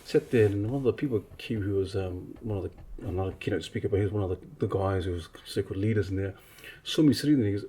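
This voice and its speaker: A man's voice: lowish voice, fast, hardly any pauses, slightly rough. A man from Samoa, a preacher and artist, telling stories in a casual podcast chat and acting out the other people in them. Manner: animated, acts out quotes, many restarts.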